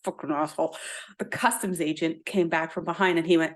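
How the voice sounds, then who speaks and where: A woman from Ireland, a guest author in casual podcast chat, telling rambling, animated stories and swearing freely. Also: low voice, fairly quick.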